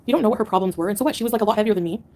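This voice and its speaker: Fast-talking woman ranting sarcastically. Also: medium pitch, mellow. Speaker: livestreamer answering chat. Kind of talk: live-stream rant to chat.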